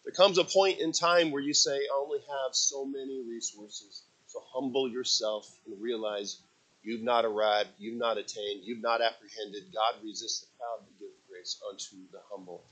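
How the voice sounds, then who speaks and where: A man preaching a sermon, telling stories with acted quotes and swinging from loud dramatic bursts to low, quiet asides. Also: normal speed, rough recording. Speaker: pastor.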